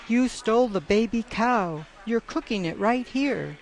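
Woman doing a shrill accusing village woman. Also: animated, a little slow.

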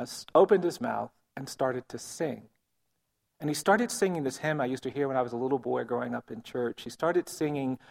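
Gravelly earnest man telling a story. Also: mid-range voice. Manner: earnest, measured, often quiet. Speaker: speaker telling a personal story. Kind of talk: storytelling talk.

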